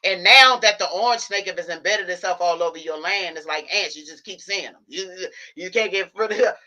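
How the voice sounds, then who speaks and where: A woman's voice: fairly low pitch, normal speed, bright, forceful tone, muffled recording. A woman hosting a livestream, giving an impassioned monologue built on a long analogy and often asking listeners whether they follow her. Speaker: livestream host.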